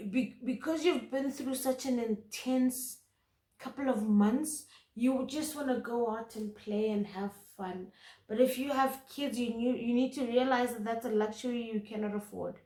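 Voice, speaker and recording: Slow, earnest woman reading tarot. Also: on the high side, a little mellow, echoey room. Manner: earnest, emphatic, repeats words for stress. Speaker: tarot reader. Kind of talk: intuitive tarot reading to camera.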